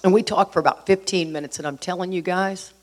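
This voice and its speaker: A woman's voice: lowish voice, steady tone, fast. Lady in middle age telling her recovery story, heartfelt, lots of uhs and you knows. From Houston, Texas. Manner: heartfelt, earnest, conversational with many fillers. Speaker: speaker sharing a recovery story. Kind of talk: personal storytelling talk.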